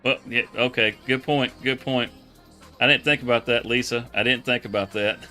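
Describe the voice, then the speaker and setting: Male streamer, casual rambling host, sharp bright tone, faint music behind. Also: medium pitch, moderate pace. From Texas. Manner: relaxed, rambling, laughs often. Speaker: livestream host. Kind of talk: casual live-stream chat.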